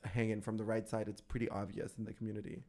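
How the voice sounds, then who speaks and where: A man co-hosting a podcast, telling stories in a campy, animated, casual way and laughing often. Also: fairly low pitch, quick pace. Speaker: podcast co-host. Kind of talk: casual chat.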